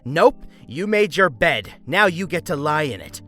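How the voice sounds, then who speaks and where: A furious entitled woman customer screams and bullies down a phone line, as a male narrator puts her on. She talks over everyone in a raised, swooping, loud voice, with faint music behind. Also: fairly high pitch, very animated, moderate pace. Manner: screaming, bullying, interrupting.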